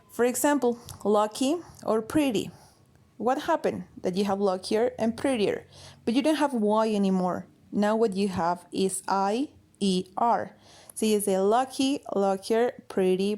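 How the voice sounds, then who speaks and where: A woman with as her teaches an English grammar lesson, walking through each rule step by step. She spells words out letter by letter and keeps checking that her students follow. Her pitch sits in a middle range for a woman. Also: mellow. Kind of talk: grammar lesson explaining slides.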